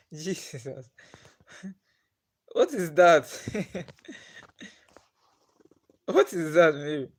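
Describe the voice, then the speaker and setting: A young man with a Nigerian accent hosts a casual live stream, reading out viewers' names and chatting with them. He talks at an easy, drawn-out pace in a slightly high voice and laughs often between questions. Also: expressive. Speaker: livestream host.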